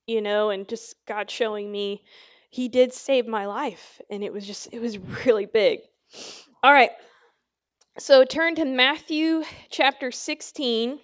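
A woman teaching the Bible in a casual, conversational sermon, telling a story with lots of fillers. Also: a little high. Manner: chatty storytelling with many fillers.

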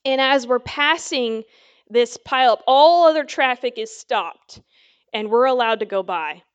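Woman Bible teacher, relaxed sermon, chatty storyteller, clear smooth tone, a bit lo-fi. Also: on the high side, a little slow. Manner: chatty storytelling with many fillers. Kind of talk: casual conversational sermon.

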